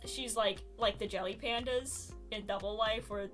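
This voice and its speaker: A woman streamer chatting casually and telling stories in an animated, giggly way. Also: medium pitch, moderate pace, faint music behind. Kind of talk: casual chat about fan stories.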